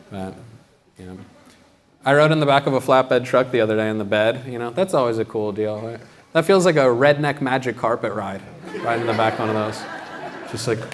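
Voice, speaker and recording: A young man from Washington, D.C., doing a stand-up comedy set in a gallery venue, with a deadpan, halting delivery and acted-out quotes. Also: mid-range voice, noisy background. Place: art gallery venue with live audience.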